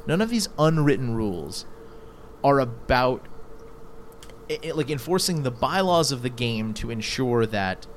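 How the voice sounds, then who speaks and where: An exasperated man hosts a casual talk show, his voice swinging widely in pitch and leaping up high when something strikes him as absurd. Faint noise hums under the recording. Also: expressive, unhurried. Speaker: podcast host. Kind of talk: casual chat.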